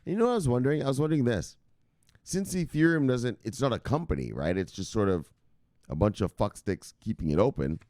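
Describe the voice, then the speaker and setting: This crypto livestream host talks briskly at a medium pitch, with lively intonation and a warm tone. His casual chat is loose and rambling, full of free swearing and shouted catchphrase sign-offs, recorded in clean studio sound with no echo.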